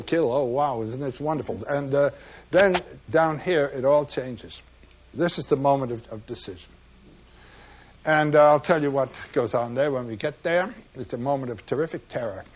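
A man giving a measured, reflective lecture about slides, pausing often with "uh" between phrases. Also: mid-range voice. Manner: measured, reflective, with frequent pauses and "uh" fillers.

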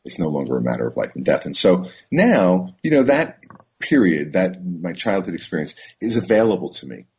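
A man, a therapist, telling a personal story in a halting, reflective way with many fillers and restarts. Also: low-pitched, sing-song, a little mellow, husky. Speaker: psychotherapist. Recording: dull lo-fi recording.

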